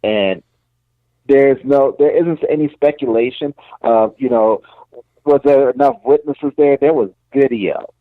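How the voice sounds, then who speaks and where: A man co-hosting a combat sports podcast in casual chat, emphatic and quick to laugh and react. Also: mid-range voice, no room sound. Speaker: podcast co-host. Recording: slightly dull, lo-fi sound.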